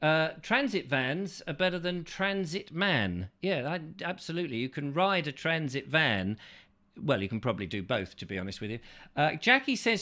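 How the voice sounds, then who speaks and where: A man's voice: fairly high pitch, sing-song, moderate pace, pushed and bright. Rambling male chat-show host. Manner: rambling, joking, full of asides. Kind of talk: casual chat show reading viewer comments.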